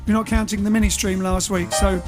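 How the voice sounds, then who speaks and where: A man's voice: sits high, level tone, fast, over music. A man hosting his band's livestream in a cheerful, rambling, self-mocking way. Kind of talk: casual livestream chat.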